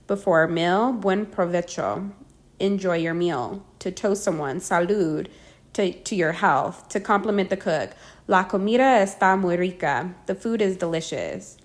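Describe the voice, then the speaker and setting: A woman narrating a language lesson, reading each phrase slowly and clearly before translating it. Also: lowish voice. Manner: clear, deliberate, slows down for the phrases. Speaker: language teacher.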